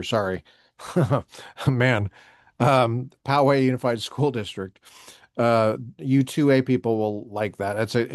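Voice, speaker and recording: A man hosting a solo commentary show, reading a court ruling aloud slowly with short asides and self-corrections. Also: lowish voice, dry recording, studio quality.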